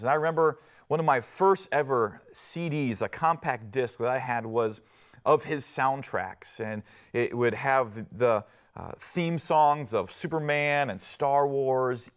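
A pastor giving a televised sermon in an earnest, conversational way, often pausing with fillers and restarting his phrases. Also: mid-range voice. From Northwest Ohio.

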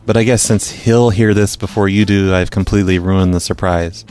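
A man with a lowish voice hosts a prank call podcast. He talks casually and teases with dry sarcasm, and faint music sits behind him. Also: steady tone, normal speed, a little mellow, smooth.

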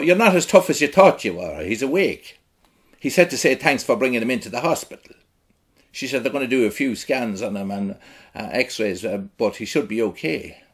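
Brief: middle-aged rural Irish man, husky low voice, blunt theatrical monologue. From Ireland. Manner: blunt, earthy storytelling. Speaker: actor in a one-man show.

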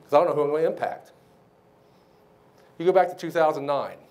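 Male keynote speaker, animated storyteller, slightly high voice, banquet speech. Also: fairly quick. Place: banquet hall.

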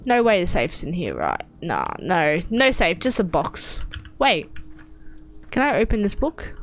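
A woman's voice: lowish voice, wildly swooping pitch, a little slow, a little hiss or hum. A woman giving horror game let's-play commentary, talking to herself in a jumpy way and swearing often. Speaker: gaming streamer.

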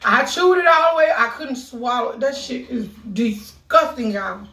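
A woman vlogger in a casual video who talks in pain from a burning mouth, with loud exclamations and heavy cursing. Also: sits high, expressive, moderate pace. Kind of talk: casual vlog talk. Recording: echoey room, mic at a distance.

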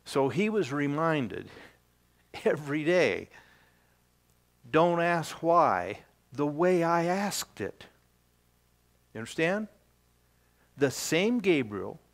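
Older guy pastor preaching, slow and easy, lots of pauses. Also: mid-range voice. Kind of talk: sermon. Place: church.

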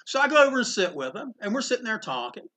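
A man's voice: very high-pitched, big pitch swings, quick pace, pushed and bright. A man casually telling a story, chatty and full of restarts and asides. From Greensboro, North Carolina. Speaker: comic book store owner telling a story. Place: inside a comic book store.

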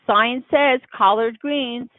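A woman's voice: fairly high pitch, slow pace, no echo, pitched above the performer's own voice. A woman reading an audiobook, voicing a tired working father who answers curtly. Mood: terse. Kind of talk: audiobook character voice. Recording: tinny phone-like dry sound.

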